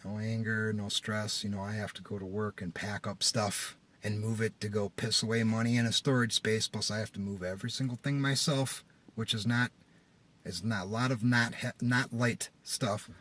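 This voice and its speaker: A man who runs a small business, telling a personal story in a casual vlog, exasperated and animated. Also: lowish voice, normal speed. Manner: animated, exasperated retelling with rising outbursts.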